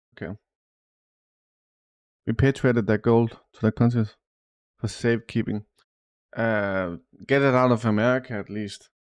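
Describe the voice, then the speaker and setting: A man's voice: mid-range voice, no room sound, clean studio sound. A man live streaming and chatting casually about the news, loose and swearing, calling his viewers "dude" often. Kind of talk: casual chat.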